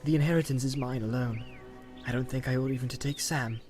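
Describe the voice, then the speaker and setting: A man reading aloud and voicing a troubled, resolute young male hobbit who talks earnestly and turns sharp when pestered. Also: medium pitch, steady tone, fast talker, soft background music, lightly acted. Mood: brooding.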